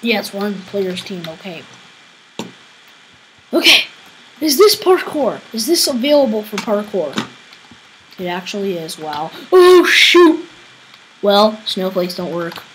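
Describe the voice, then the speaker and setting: A woman hosting a game channel, giving casual let's-play commentary, excitable and yelling at opponents. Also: mid-range voice, unhurried, pauses often, slight background noise, poor audio. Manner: excitable, squealing and shouting at opponents. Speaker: gaming channel host.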